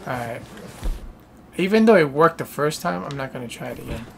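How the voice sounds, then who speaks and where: A man giving casual live gameplay commentary, swearing and reacting loudly in frustration. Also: on the high side, expressive, a little fast, creaky, slight background noise. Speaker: game streamer.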